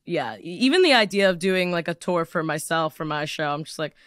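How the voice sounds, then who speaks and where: A woman's voice: lowish voice, fairly quick, no room sound, clean studio sound. A woman in her twenties hosting a podcast, chatting casually and telling stories with lots of giggles. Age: 20s. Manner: giggly, animated storytelling with silly voices. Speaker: podcast host. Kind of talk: casual chat.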